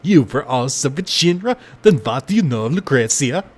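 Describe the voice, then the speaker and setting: A man's voice: mid-range voice, very animated, moderate pace, slightly rough, pitched above the performer's own voice. A man voicing a curt young mercenary who asks terse questions. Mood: questioning.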